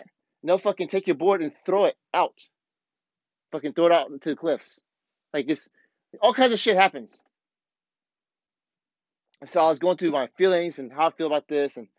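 A man's voice: a little high, no echo, dull audio. A man hosting his own podcast, ranting bluntly and heatedly in a casual monologue full of swearing. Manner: blunt, profane, fired-up ranting. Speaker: podcast host.

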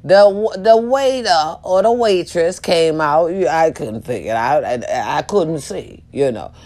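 Woman vlogger, casual and profane, lowish voice, animated storyteller. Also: unhurried. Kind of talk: casual talk to viewers.

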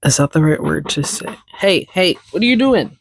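A woman's voice: sits low, animated, moderate pace, creaky, slightly rough, no echo. A woman hosting a casual solo podcast, rambling chattily and stopping to talk to her cat. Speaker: podcast host.

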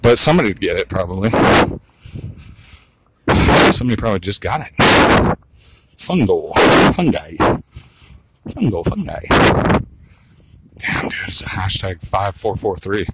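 A man's voice: low-pitched, brisk, long pauses. Rambling man vlogging outdoors, noisy. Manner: rambling, crude, muttering asides, sings snatches. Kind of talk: rambling monologue vlog.

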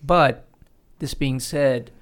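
A podcast host with a smooth, mid-range voice speaks extremely slowly in a casual studio conversation. He's opinionated and explains his views in long runs, often restarting his sentences.

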